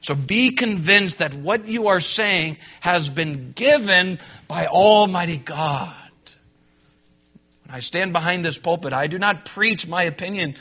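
A man's voice: animated, measured pace. Emphatic male preacher, dull lo-fi sound. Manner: emphatic, swings from loud declarations to low, grave asides. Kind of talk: sermon to pastors.

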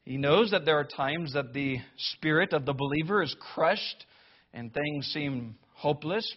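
A man delivers a church sermon with a somewhat high voice, pressing his points with mounting emphasis and a dry, sarcastic edge. The recording is muffled and lo-fi. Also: a little slow. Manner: emphatic, rising to loud declamation when quoting scripture; wry, sarcastic asides. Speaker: preacher. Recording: dull lo-fi sound.

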